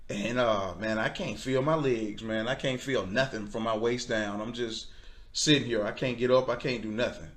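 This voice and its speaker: A man's voice: medium pitch, normal speed. A man telling a personal faith testimony, acting out other people's voices and laughing often. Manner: animated, acts out quoted voices, laughs often. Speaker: guest. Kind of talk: storytelling testimony.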